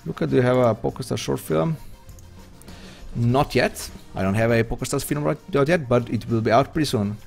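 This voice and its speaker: A man with a mid-range, creaky voice talks briskly while streaming an online poker game, soft music playing behind him. He chats loosely with his viewers, rambling and poking fun at himself as he plays.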